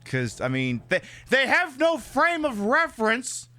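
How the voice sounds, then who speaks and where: A man streaming a video game and chatting with viewers in a sarcastic, profane, animated way. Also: very high-pitched, a little slow, faint music behind. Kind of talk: casual live-stream chat.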